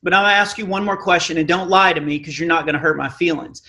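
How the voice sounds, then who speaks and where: A man's voice: a little high, fairly even intonation, fast talker, sharp tone. A man voicing a cheeky, taunting ninety-six-year-old man who is challenging him to a swim race.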